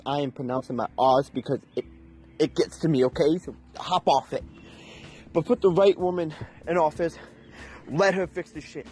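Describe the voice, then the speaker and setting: A man's voice: fairly high pitch, moderate pace, a little mellow, slightly rough. A young man ranting in an unscripted, heated and profane way, with emphatic delivery. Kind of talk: unscripted rant.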